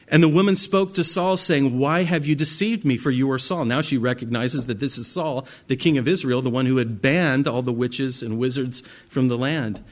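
A man teaching from the Bible as a pastor. He reads passages aloud and then explains them in a conversational way, talking to his listeners directly. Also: medium pitch. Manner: addresses listeners directly as "guys".

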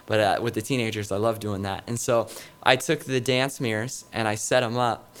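A man's voice: on the low side, fairly even intonation, normal speed, fairly bright tone, smooth. Man preaching a casual sermon. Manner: conversational, anecdotal preaching with frequent fillers. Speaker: pastor.

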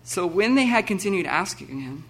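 Animated preaching man, bright voice. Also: high voice, moderate pace, breathy edge. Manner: animated, laughing, acting out scenes with sudden loud bursts. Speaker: pastor. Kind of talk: sermon.

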